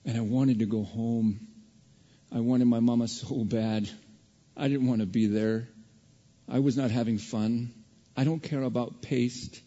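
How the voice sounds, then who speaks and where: A man preaching a sermon as a pastor, telling a childhood story in an animated way and acting out other people's voices. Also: medium pitch. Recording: dull, reverberant hall recording.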